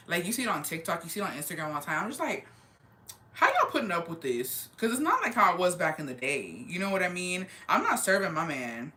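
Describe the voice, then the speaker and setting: A woman in her twenties chatting casually on a livestream, slangy and animated, dropping Spanish words into her storytelling. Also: fairly low pitch. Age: 20s. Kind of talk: casual chat.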